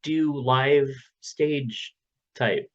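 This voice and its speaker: A man's voice: medium pitch, very slow, highs cut off. A man co-hosting a podcast in casual, rambling chat, joking and trailing off with fillers, recorded at home. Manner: rambling, jokey, lots of fillers. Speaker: podcast co-host. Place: home recording room, window open.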